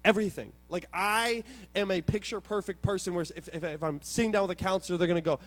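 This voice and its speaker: A man with a fairly high voice preaches to his congregation, telling stories with plenty of animation. He drops to quiet reflection, then surges into loud excitement. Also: quick pace. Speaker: pastor. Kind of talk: sermon.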